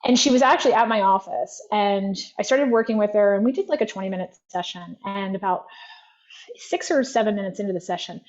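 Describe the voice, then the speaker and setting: A woman's voice: mid-range voice, a little fast, darkish tone, muffled recording. A woman practitioner speaking as a guest, telling stories in an easy chatty way with many "like" fillers. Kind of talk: conversational storytelling.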